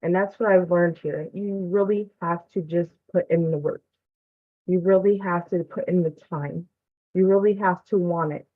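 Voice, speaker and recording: A woman's voice: on the low side, fairly even intonation, normal speed, no echo. A woman member sharing a heartfelt testimonial on a group call, earnest and close to tears. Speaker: student member of the community. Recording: dry, tinny phone-like line.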